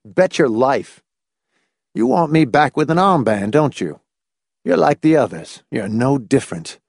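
A man's voice: mid-range voice, sing-song, unhurried, gravelly, darkish tone, no echo, studio quality, pitched above the performer's own voice, exaggerated voice. A man voicing a bitter, resentful man who speaks in an accusing way.

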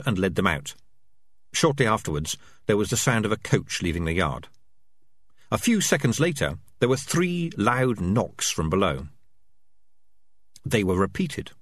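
A man narrating a novel in an expressive storytelling voice. His pitch rises and falls a great deal. The recording is close and dry. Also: no room sound. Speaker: audiobook narrator. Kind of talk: scripted narration.

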